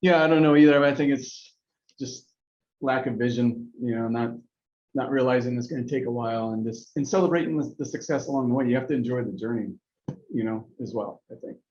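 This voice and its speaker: A man speaking as a podcast guest, calm and reflective, agreeing easily. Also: mid-range voice, fairly quick. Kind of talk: casual conversational podcast. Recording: roomy, slightly dull mic with faint noise.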